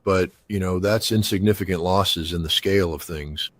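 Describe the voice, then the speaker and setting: A man's voice: sits low, moderate pace, dry recording. An older man from the United States, a guest commentator giving blunt, emphatic political analysis with many "you know" fillers. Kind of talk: opinionated geopolitical analysis.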